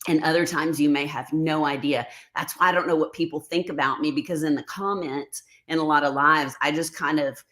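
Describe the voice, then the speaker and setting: Woman host, middle-aged, low voice, casual livestream chat, emotional and sarcastic. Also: fairly even intonation, a little fast, few pauses, fairly bright tone.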